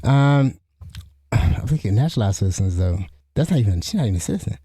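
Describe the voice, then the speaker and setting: A man's voice: fairly low pitch, sing-song, brisk, mellow, slightly rough, no room sound, studio quality. A middle-aged man hosting a solo podcast, rambling with frequent restarts and asides to the listener. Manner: rambling, restarts often, asks "you know what I'm saying?". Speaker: podcast host. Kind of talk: solo commentary.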